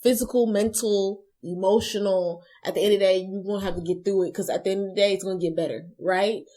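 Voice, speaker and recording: Young woman cohost just chatting, lively and goofy, slips into little voices mid-story. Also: medium pitch, quick pace. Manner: animated, acts out little voices while telling stories. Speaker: co-host. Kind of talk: casual chat.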